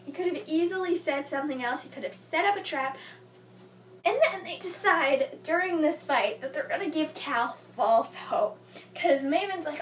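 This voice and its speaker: A woman's voice: sits high, lively intonation, moderate pace. A young woman reviewing a book in a casual vlog, gushing and exasperated, often talking back at the characters. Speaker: book vlogger. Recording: echoey room, mic at a distance.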